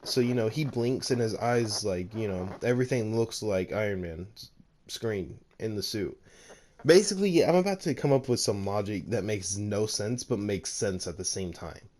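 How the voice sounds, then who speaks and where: Rambling, low-voiced guy telling a fan story. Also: expressive, normal speed, a little mellow, slight background noise. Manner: rambling, filler-heavy, laughs at himself. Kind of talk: casual fan story narration.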